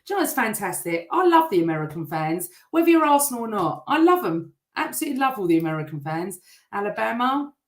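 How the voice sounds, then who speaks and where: A middle-aged woman hosting a live football fan show, chatting and reading out viewer comments, her voice a bit rough. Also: medium pitch, sing-song, fast. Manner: chatty, warm toward viewers, teasing. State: voice still rough from shouting. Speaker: host. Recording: echoey room.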